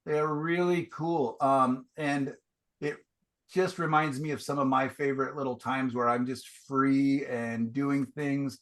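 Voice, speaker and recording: A man's voice: medium pitch, fairly even intonation, unhurried, fairly bright tone. A man teaching a painting class, giving casual, enthusiastic feedback over a video call. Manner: casual, enthusiastic, chatty with fillers.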